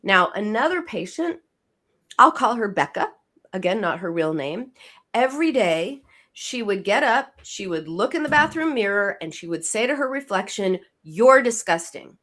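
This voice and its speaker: This interview guest is a woman psychoanalyst laying out her method with emphasis, frequently repeating and restarting words. Her medium-pitched voice is sing-song and a bit bright.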